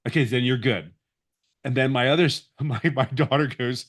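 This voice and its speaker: A man's voice: medium pitch, moderate pace. A man in his fifties, a webinar guest giving a personal testimonial in an earnest, rambling way with many restarts. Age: 50s.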